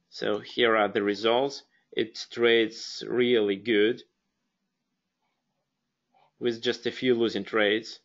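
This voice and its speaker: A man's voice: lowish voice, a bit bright, muffled recording. A man with a Russian accent hosting a live webinar, speaking hesitantly with many fillers and restarts. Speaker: webinar host.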